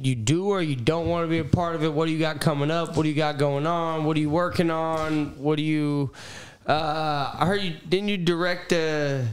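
A man's voice: on the high side, steady tone, normal speed. A man hosting a podcast, telling stories playfully in casual chat. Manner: laughing, playful storytelling. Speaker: podcast host.

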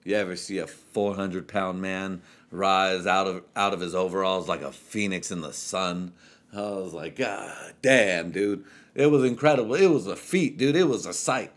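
A man's voice: sits low, normal speed. A young male podcast host who sounds tipsy as he talks. His storytelling is loose, rambling and heavy on profanity, with a casual chatting delivery. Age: young adult. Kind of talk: casual chat.

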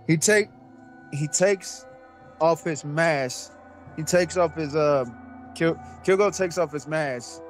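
A man's voice: a little high, slow, long pauses, soft background music. A man narrating as game master, cursing freely and acting out what the characters do. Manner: profane, laughing, acting out characters.

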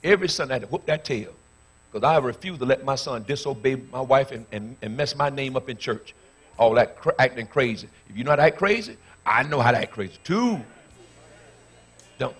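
A pastor in his fifties preaching a sermon, telling stories with bursts of shouting before moving into a fervent prayer. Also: mid-range voice, animated, brisk, husky. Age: 50s.

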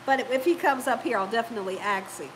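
Over some background noise, a woman with a slightly high voice hosts her cooking channel's casual live stream. She's chatty and warm, quick to laugh as she reads viewer comments aloud, and she has a lingering cough.

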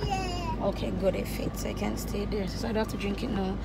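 A woman's voice: mid-range voice, big pitch swings, a little fast, gravelly, very noisy. A woman chatting casually and candidly to camera, joking and slipping into creole. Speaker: vlogger. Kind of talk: casual vlog chat.

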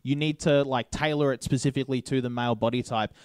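Aussie bloke yarning on a beer podcast, keeps going "right?", dry close mic. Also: male voice, mid-range voice, fairly even intonation, quick pace, clean tone, no echo. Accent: Australian. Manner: chatty storyteller, keeps checking in with "right?". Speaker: podcast co-host. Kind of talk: casual chat over beers.

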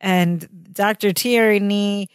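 A woman's voice: medium pitch, steady tone, slow pace, clear, resonant tone, no room sound, clean studio sound. A woman co-hosting a podcast, casually retelling an episode and quoting its characters. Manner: chatty, quotes characters, lots of "like". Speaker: podcast co-host. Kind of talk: casual recap chat.

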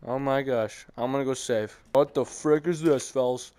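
A young man giving joking, excitable commentary while playing a game, trash-talking the characters. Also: mid-range voice, moderate pace, hardly any pauses. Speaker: gaming youtuber. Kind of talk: casual gaming commentary.

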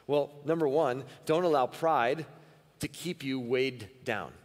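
A man's voice: mid-range voice, slow. A man preaching a sermon as pastor at a church service, earnest and repeating phrases for emphasis. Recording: long reverb of a church hall.

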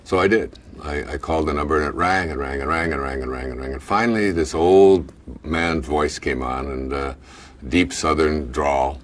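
A man casually recounting a personal story, halting and restarting with many fillers and little chuckles. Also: rumbling low, distant mic.

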